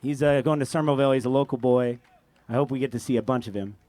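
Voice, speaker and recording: A man's voice: medium pitch, fairly even intonation, quick pace, warm tone, no echo. A man emceeing at a music festival stage, chatty and rambling, often correcting himself mid-sentence. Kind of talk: stage introduction.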